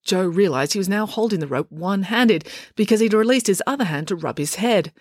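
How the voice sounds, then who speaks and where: A woman, narrating a children's audiobook in an expressive storytelling manner. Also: medium pitch, brisk, no room sound, clean studio sound. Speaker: author and narrator.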